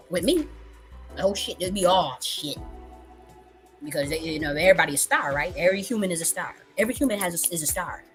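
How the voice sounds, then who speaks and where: A woman, ranting profanely on a live stream and swinging from low muttering to sudden shouting. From United States. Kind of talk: heated ranting monologue.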